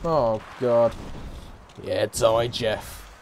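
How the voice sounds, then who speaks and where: A man commentating a game, loud and mocking, swearing and taunting characters. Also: mid-range voice, fairly even intonation, extremely slow, a little hiss or hum. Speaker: gaming YouTuber. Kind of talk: let's play commentary. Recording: game music faint behind.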